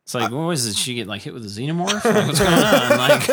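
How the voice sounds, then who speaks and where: A man's voice: on the high side, very animated, fast, crowd noise. A young man co-hosting a casual comedy podcast, rambling with lots of fillers and dry remarks. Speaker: podcast co-host. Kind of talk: casual comedic movie chat.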